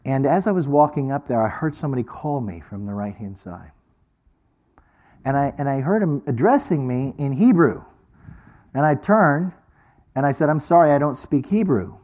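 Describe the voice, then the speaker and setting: Animated storytelling male preacher. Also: medium pitch, normal speed. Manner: animated storyteller, acts out quoted voices. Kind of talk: sermon storytelling.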